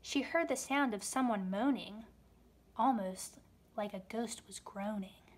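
A woman reading a rhyming children's book aloud, with expressive storytelling delivery. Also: mid-range voice, a little slow.

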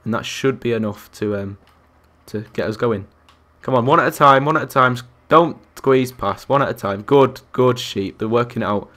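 A young man commentating his Minecraft survival game, chatty and excitable, talking to the animals and to his viewers. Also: medium pitch, moderate pace. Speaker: gaming YouTuber. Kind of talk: Minecraft let's-play commentary.

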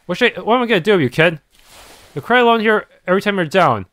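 A man reading aloud the lines of a caring male friend who teases gently, halting with fillers. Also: high voice, animated, no room sound.

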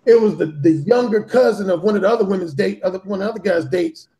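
A dating author appears as a podcast guest and tells a story in casual talk-show fashion. His high voice moves quickly with a dark tone, and he speaks bluntly and profanely, leaning heavily on emphasis.

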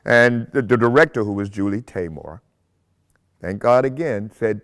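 An older actor telling stories from his career in an interview, animated, laughing often and acting out the voices he quotes. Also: lowish voice, moderate pace, clean tone. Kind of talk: anecdotal interview storytelling.

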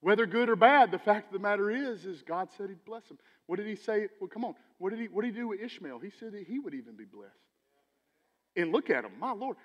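Animated preacher, high voice, church hall reverb. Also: male voice, fast talker, dull audio. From Texas. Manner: animated, preachy, swings between loud emphasis and quiet asides. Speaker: pastor. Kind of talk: sermon. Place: church sanctuary.

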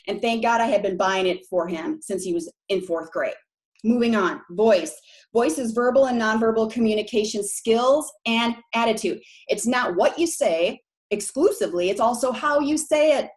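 A Minneapolis woman in her forties, with a Minnesota accent and long O's, gives a frank, chatty presentation to real estate agents, often checking in with "right?" Her voice is on the high side and her pace moderate.

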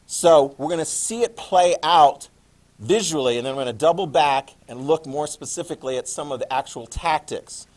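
A male history teacher lecturing a classroom in a playful, animated way, adding sound effects. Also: a little high, moderate pace.

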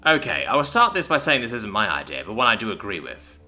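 A man voicing a thoughtful human man who explains his view in a measured, calm way. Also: fairly low pitch, faint music behind, full character voice.

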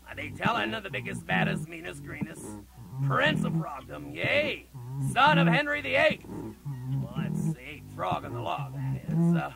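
Theatrical shanty storyteller: gravelly, wildly swooping pitch, loud music behind. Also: sing-song, a little slow, over a noisy crowd, rough recording. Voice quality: mock sea-shanty manner, calls listeners lads and mates. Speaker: singer and storyteller. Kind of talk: theatrical sung and spoken comic storytelling.

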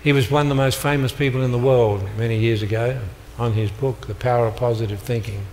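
Before an audience in a large hall, an older motivational speaker tells stories and acts out dialogue with punchy comic timing. His medium-pitched voice is darkish and steady in tone, and he speaks fairly quickly. The live hall recording has long reverb and a little hiss or hum.

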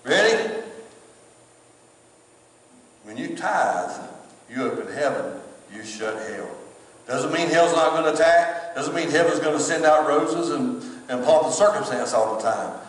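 A man's voice: a little high, a little slow, pauses often. A male pastor, preaching a sermon in a conversational storytelling way with emphatic repetition. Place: church sanctuary. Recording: echoey church hall, distant mic.

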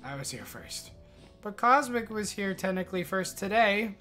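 A young man streaming a game live, chatting excitedly, swearing and thanking his viewers. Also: high voice, normal speed, faint music behind.

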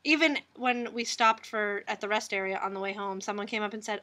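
A woman hosting a casual knitting vlog, chatting in an upbeat way and answering often with a quick "yep.". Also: mid-range voice, fairly even intonation, bright, forceful tone. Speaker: knitting vlogger, host. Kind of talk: casual chat.

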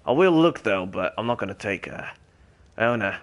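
A young man with a put-on Australian accent, streaming a game in character, rambling, swearing a lot and calling out loudly to other players. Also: on the low side, animated, moderate pace.

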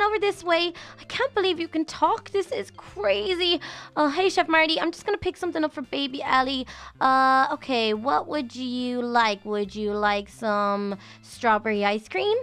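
A young woman narrating a game role-play in an animated, exclaiming, motherly way. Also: sits high.

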